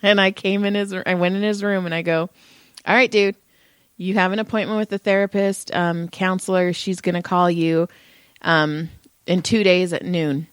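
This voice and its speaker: A woman's voice: lowish voice, moderate pace, clear, resonant tone, dry recording. A middle-aged woman co-hosting a podcast, telling family stories in casual chat, acting out voices and swearing freely. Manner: animated storytelling, acts out voices, swears. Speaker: podcast co-host.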